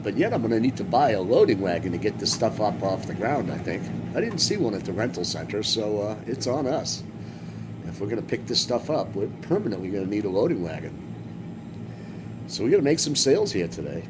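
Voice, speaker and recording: A man from Massachusetts talks his way through a farming game stream, with a low voice that jumps around a lot in pitch. He rambles and cracks jokes as he plays. Engine rumble from the game vehicles runs clearly underneath. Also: very animated, a little fast. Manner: chatty, rambling, joking asides. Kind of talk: casual gameplay commentary.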